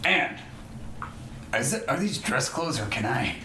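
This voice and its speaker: A tabletop player whose voice jumps around wildly in pitch. Loud, excitable and quick to laugh. Recorded in an echoey room with a noticeable hiss underneath. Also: recorded from a distance.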